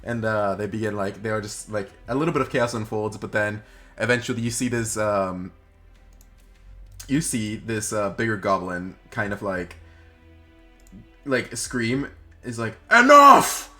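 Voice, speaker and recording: A man's voice: fairly low pitch, measured pace, long pauses, a bit bright, soft background music. A young man narrating a tabletop game as game master, rambling with many fillers.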